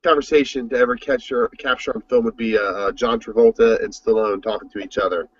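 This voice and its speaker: A man chatting on a podcast, halting and repeating words, laughing along. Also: mid-range voice, fairly even intonation. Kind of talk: casual podcast chat. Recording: dull lo-fi sound.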